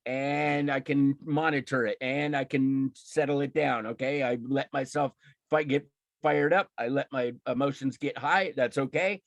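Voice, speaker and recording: In a dry recording, a man with a medium-pitched voice and some vocal fry teaches a live online class on emotional intelligence. His talk is impassioned, emphatic and fired up, full of laughs and restarts.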